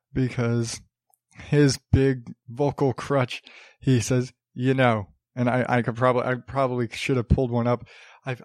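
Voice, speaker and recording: A man's voice: medium pitch, a little mellow, no echo, clean studio sound. A man hosting his own podcast, rambling casually with lots of fillers, restarts and swearing. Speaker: podcast host. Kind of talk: casual solo podcast chat.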